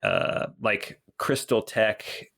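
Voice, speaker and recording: Relaxed man game master. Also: on the low side, very slow, gravelly. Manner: relaxed, rambling with many ums. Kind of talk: narrating a tabletop game.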